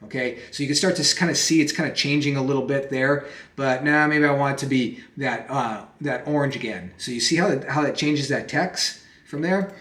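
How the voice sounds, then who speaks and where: A man walks a viewer through a software task in a relaxed, conversational way, often restarting phrases and checking in with quick questions. His voice sits at an ordinary, middle pitch. The recording carries a noticeable echo from the room. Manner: conversational, repeats and restarts phrases, lots of "okay?" and "right?" checks. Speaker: presentation software instructor. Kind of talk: casual screen-recorded tutorial. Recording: echoey room sound.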